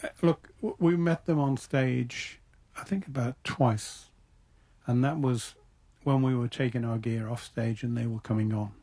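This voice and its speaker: A man's voice: mid-range voice, steady tone, measured pace, mellow. Older man with a Liverpool accent. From Liverpool, England. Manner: reflective, with frequent restarts. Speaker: interview guest. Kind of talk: radio interview.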